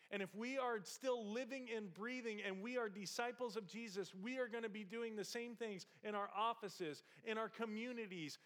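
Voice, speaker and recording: A male pastor with a high voice preaches a sermon at normal speed. He moves from soft, conversational storytelling laced with humor to raised, passionate exhortation.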